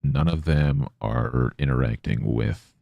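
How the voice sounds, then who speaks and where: A man with an extremely deep voice and a rough, gravelly edge chats casually on a live stream. He mutters to himself as he works and mock-scolds his pet in a teasing tone. The sound is dry and close, with no room echo. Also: slow, muffled recording.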